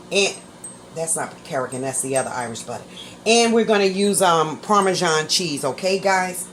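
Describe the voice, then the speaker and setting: A woman's voice: fairly low pitch, a little hiss or hum. A woman hosting her own cooking channel, chatting casually as she walks through a recipe in her home kitchen, often checking in with "right?" and "okay?" and laughing easily. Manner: talks fast at times, laughs easily.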